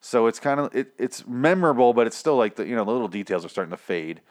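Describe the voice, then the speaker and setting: A man's voice: mid-range voice, lively intonation, quick pace. Young male reviewer, mid-range voice, casual profane recap full of restarts. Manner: rambling, profane, self-interrupting.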